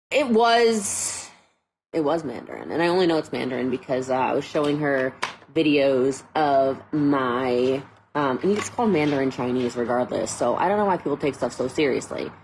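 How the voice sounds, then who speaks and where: A woman's voice: sits low, a little hiss or hum, poor audio. A woman chatting casually in a vlog, rambling and using many fillers.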